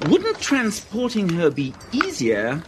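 A man's voice: high-pitched, huge pitch swings, takes it slowly, noisy background, heavily acted. An actor playing a fussy, genteel hangman who speaks in a prim, wordy, overly polite way.

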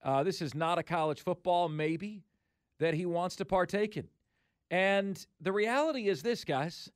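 High-voiced emphatic male sports radio host. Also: dry recording, clean studio sound. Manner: emphatic, repetitive, opinionated. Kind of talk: sports talk radio commentary.

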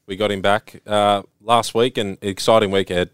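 Low, smooth male co-host, laconic, short answers. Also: level tone, normal speed, dry recording, studio quality. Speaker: podcast co-host. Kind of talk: casual chat.

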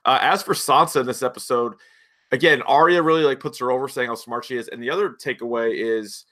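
A man talking through last night's episode in a loose, animated chat, often acting out scenes as he goes. His voice is bright and forward, with a medium pitch. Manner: animated, jumps between points, quotes scenes in quick asides. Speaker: podcast co-host. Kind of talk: casual TV recap chat.

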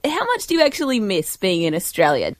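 A woman interviewer with a mid-pitched voice asks curious questions in a conversational way. Her voice is recorded dry and close. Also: wildly swooping pitch, brisk, no echo. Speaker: host. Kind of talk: interview host.

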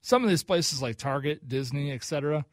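A man's voice: a little high, brisk, no room sound. A man co-hosting a talk radio show, chatting in an easygoing, agreeable way in a studio. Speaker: radio co-host. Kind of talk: casual talk radio chat.

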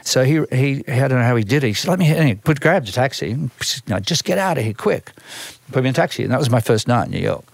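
A man's voice: mid-range voice, lively intonation, racing, creaky, few pauses, no echo. An older man with an Australian accent, a music manager telling long stories in an interview, with many restarts and repeated words. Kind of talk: storytelling interview.

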